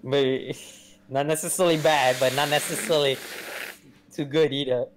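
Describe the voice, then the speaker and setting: A man in casual chat, halting and repeating words as he cuts in. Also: fairly high pitch, fairly even intonation, noisy background.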